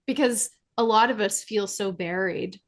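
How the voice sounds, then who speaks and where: A woman's voice: mid-range voice, moderate pace. Affirming woman hosting a podcast. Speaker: podcast host. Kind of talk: casual interview chat.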